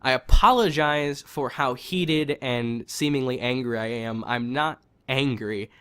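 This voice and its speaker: A man's voice: medium pitch, a little slow, sharp tone, clear, resonant tone. A man giving a heated, frustrated opinion rant on a video game, swearing and repeating himself for emphasis. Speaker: gaming commentator.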